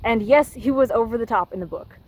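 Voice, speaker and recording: A woman's voice: fairly high pitch, brisk, a little mellow, low-quality recording. A young woman giving casual critical commentary, ranting with exasperated sarcasm. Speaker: video essayist.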